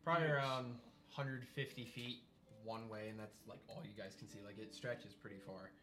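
A man's voice: lowish voice, steady tone, normal speed, fairly bright tone, a little hiss or hum. A man narrating a tabletop game as game master, describing scenes in a loose, rambling way with many fillers.

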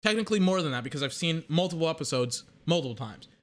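A man ranting casually to camera about a TV series, rambling and animated, with lots of restarts and fillers. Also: a little high, quick pace. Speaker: vlogger reviewing a TV series.

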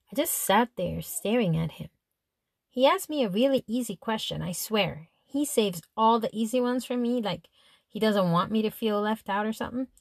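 A woman reads a teenage girl's diary aloud in the first person. She sounds chatty and exasperated, with a middle-pitched voice. The recording is dry and close to the mic. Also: a little mellow, no echo. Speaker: audiobook narrator. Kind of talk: first-person diary narration as a teen girl.

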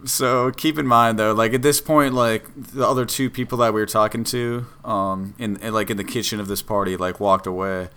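Young man, bright forceful voice, casual storytelling, animated, laughs a lot. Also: fairly low pitch, moderate pace, hardly any pauses, smooth. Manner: animated, laughs often, acts out quotes. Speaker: podcast guest telling a story.

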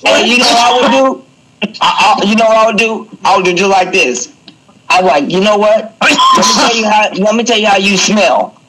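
A man's voice: high-pitched, moderate pace. Young guy hyped up telling a nasty story, lots of noise behind him. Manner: animated, crude storytelling. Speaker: podcast co-host. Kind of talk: casual podcast banter. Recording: loud background noise.

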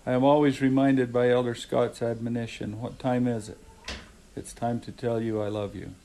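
A man's voice: mid-range voice, flat delivery, normal speed, gravelly, warm tone, a little hiss or hum, low-quality recording. A middle-aged man, a father, reading a heartfelt, devout letter to his family aloud, then chatting. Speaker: father of the hosts.

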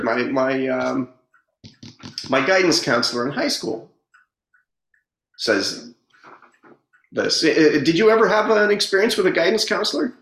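Speaking in a slightly high, a bit bright voice, a man reflects on his personal growth through casual stories. He stops and starts, repeating words as he earnestly works through each tale, with a roomy echo around him.

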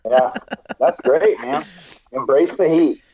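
A man's voice: fairly high pitch, takes it slowly, a little mellow, husky. A man in casual chat as a podcast guest, blunt and profane, talking in a laid-back way. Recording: dull lo-fi sound.

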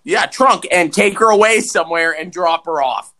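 A man co-hosting a podcast, chatting casually and swearing as he recaps a movie with big pitch swings for emphasis. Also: moderate pace, bright, forceful tone. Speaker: podcast co-host.

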